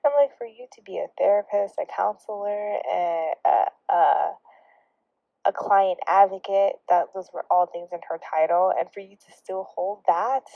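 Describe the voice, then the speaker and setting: Speaking at a moderate pace in a gravelly, somewhat low voice, a young woman vlogger recounts a story with casual sarcasm. She laughs and slips into whispered remarks now and then, captured in a dry, dull lo-fi recording.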